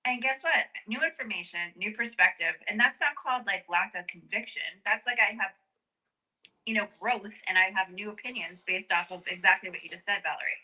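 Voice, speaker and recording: Woman earnestly explaining herself in a chat, very bright sharp voice. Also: medium pitch, a little fast, poor audio. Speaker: guest speaker in a discussion. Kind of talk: casual chat.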